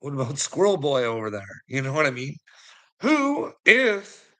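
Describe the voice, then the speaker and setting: A man's voice: medium pitch, fast, rough recording. A man giving rambling casual commentary to a viewer, chuckling often and swearing freely. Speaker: online commentator.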